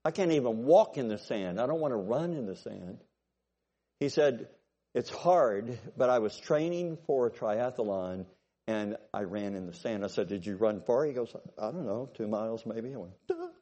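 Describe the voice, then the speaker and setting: A man preaching a sermon, telling stories and checking in with his congregation, swinging from loud bursts to low asides. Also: lively intonation, normal speed, slightly rough, muffled recording. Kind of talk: sermon with storytelling.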